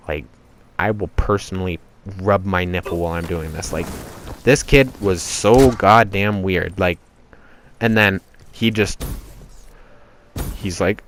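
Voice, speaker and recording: A man's voice: deep voice, measured pace, pauses often, fairly bright tone, slight background noise. A man narrating his gameplay in a casual, profane, exasperated rant that rambles on.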